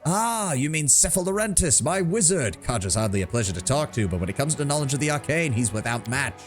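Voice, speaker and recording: Guy doing a jovial burly frontier lord, folksy and sly, bouncy pitch, soft music. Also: very animated, brisk, natural voice.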